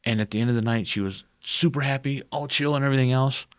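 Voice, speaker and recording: A man who works as a haunted house actor, a podcast guest telling quick, rambling stories in casual chat. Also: medium pitch, smooth, no room sound, clean studio sound.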